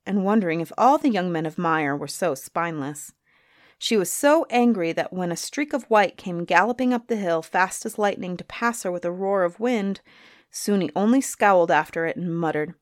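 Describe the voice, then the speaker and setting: A woman storyteller reading a storybook aloud in an expressive, gently animated way. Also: on the low side, no echo, clean studio sound.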